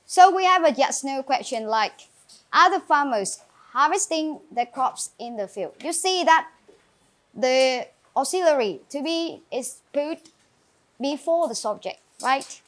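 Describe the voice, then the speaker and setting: Teaching a grammar lesson to her English class, a woman with a Vietnamese accent speaks with a high, bright pitch. She drills new words, addresses students by name and encourages them clearly.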